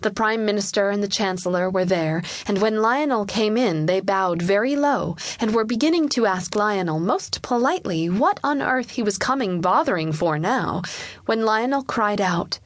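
A woman narrating a children's storybook in a slow, storyteller-like way. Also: medium pitch, lively intonation, no echo. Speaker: audiobook narrator.

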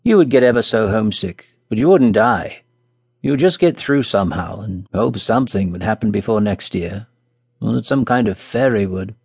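A man's voice: on the low side, animated, creaky, slightly rough, no echo, heavily acted. A man doing forlorn little schoolboy Tom. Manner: quiet, slow and sad.

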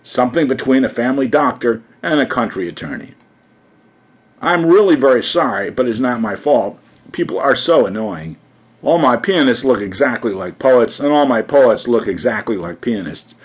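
A man's voice: medium pitch, husky. A man voicing a chattering grand society hostess who gossips gushingly.

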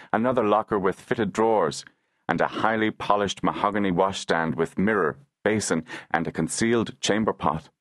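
A man reading a historical novel aloud as an audiobook narrator, in a measured, unhurried storytelling manner into a close studio microphone. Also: low-pitched, no room sound.

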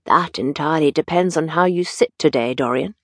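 A woman's voice: low-pitched, fairly quick, no echo, clean studio sound. A woman voicing an earnest, slightly fretful male painter in an audiobook.

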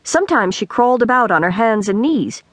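A woman narrating an audiobook in an animated storytelling manner, recorded in a studio. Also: fairly high pitch, brisk, no room sound. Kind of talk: scripted narration.

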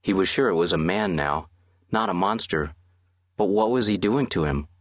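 A man narrating an audiobook in steady, measured scripted narration. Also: low-pitched, no echo, clean studio sound.

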